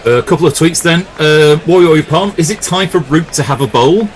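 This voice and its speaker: A man co-commentating on cricket, reading listener messages in relaxed, jokey chat. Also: a little high, moderate pace, a little hiss or hum, rough recording.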